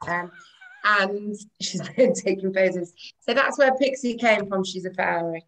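A woman's voice: mid-range voice, a little slow, a bit bright, far from the mic, low-quality recording. An English woman guest chatting on a video call, bubbly and jokey. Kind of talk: casual chat.

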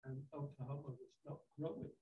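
A man's voice: on the high side, fairly quick. A man in the audience making a pointed, argumentative comment from the floor. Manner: opinionated, argumentative. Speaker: audience member. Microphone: far from the mic. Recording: distant, roomy, dull with faint hiss.

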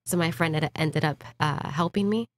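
A woman's voice: deep voice, moderate pace. A woman guest on a podcast giving shy, brief answers.

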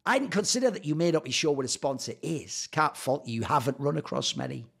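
A man in a sarcastic, profane commentary on old tweets, swinging between loud outbursts and low mutters. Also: expressive, fast, vocal fry, breathy edge. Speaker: esports commentator and YouTuber.

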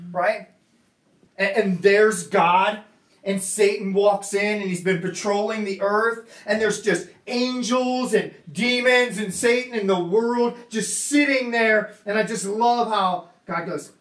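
A man preaching a sermon in a conversational way, dropping to a hushed lower voice when he quotes God. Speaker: pastor. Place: church meeting room. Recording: roomy sound from a distant mic.

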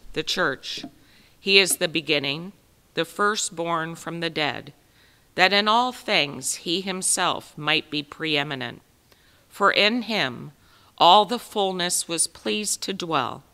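Crisp, deliberate woman lector in church. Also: fairly low pitch, pushed and bright. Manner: clear, deliberate reading. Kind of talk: scripture reading. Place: large church. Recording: long church reverb.

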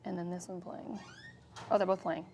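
A woman's voice: lowish voice, level tone, moderate pace, vocal fry, crowd noise. A woman chatting casually during a party game, giggling between remarks. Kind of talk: casual chat.

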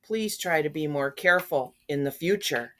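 An older woman reading a children's storybook, voicing a kindly old male sultan in a soft, fatherly way. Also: sits low, expressive, moderate pace.

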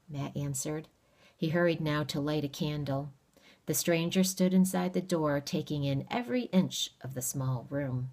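Low-voiced woman reading a novel aloud. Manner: steady, measured storytelling. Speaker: reader.

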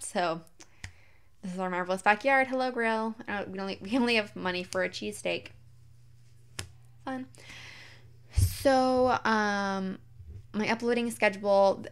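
Young woman, bubbly let's-play host, rambling chatty delivery full of "like". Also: medium pitch. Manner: chatty and bubbly, heavy use of "like". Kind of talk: casual gameplay commentary.

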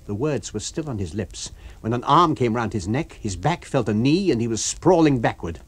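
A man narrating an abridged novel for radio in a measured, expressive storytelling manner. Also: medium pitch, husky. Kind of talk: abridged audiobook reading for radio.

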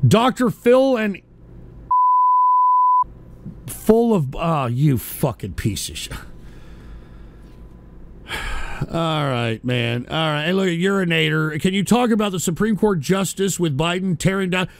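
A man hosting a radio show, ranting profanely and swinging between exasperated shouting and weary mumbling. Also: high-pitched, lively intonation, unhurried, pauses often. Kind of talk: profane on-air rant.

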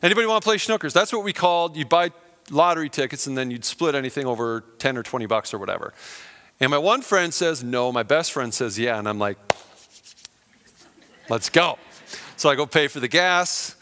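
A middle-aged man preaching a sermon, telling a personal story and acting out the lines of the people in it with big swings in loudness. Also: medium pitch, expressive, fairly quick. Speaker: pastor.

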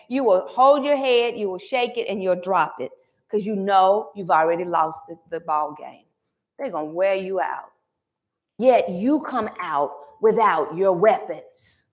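In a church sanctuary, a female pastor with a high voice preaches a sermon. She alternates between loud calls and quiet asides, drawing the congregation into call-and-response.

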